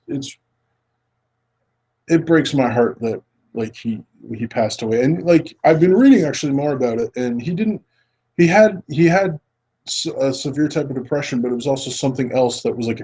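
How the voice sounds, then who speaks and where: A man's voice: medium pitch, mellow, slightly rough, rough recording. A man hosting a casual film podcast, rambling and earnest, often restarting his sentences. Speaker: podcast host.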